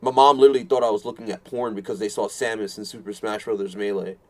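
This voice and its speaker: A man's voice: on the low side, steady tone, fast. Casting: male streamer, late 20s, profane self-mocking rambler, casual live chat. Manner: keeps repeating himself in exasperation. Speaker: fighting game streamer.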